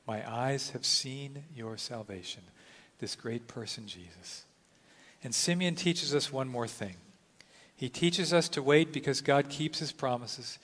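A man in his sixties preaching a sermon as pastor, dramatic, dropping to a hush and then rising to exclaim. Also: medium pitch. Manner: dramatic, swings from hushed to exclaiming. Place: church sanctuary. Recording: long reverb of a church sanctuary.

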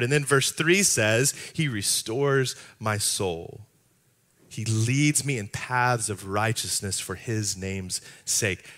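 A man delivers a sermon in an easy, talkative way, slipping into playful asides as he goes. His voice is bright and ringing, and it sits in a middle pitch. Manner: conversational preaching with playful asides. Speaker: pastor.

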